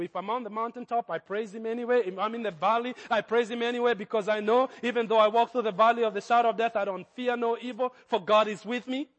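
A man's voice: high voice, fairly bright tone, big-room sound. A man with a Kenyan accent preaching a sermon as pastor, with hesitant fillers that build to fervent emphasis.

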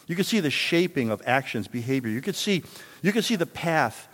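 A man in his sixties preaching a sermon in a church, telling a story and then building to loud, emphatic exhortation. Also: fairly high pitch, sing-song, fairly quick, long reverb tail. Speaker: pastor.

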